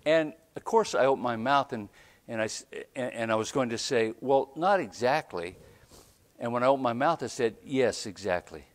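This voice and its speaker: A man preaching a storytelling sermon as a pastor, animated, often checking in with "right?" and laughing between lines. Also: mid-range voice, moderate pace. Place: church.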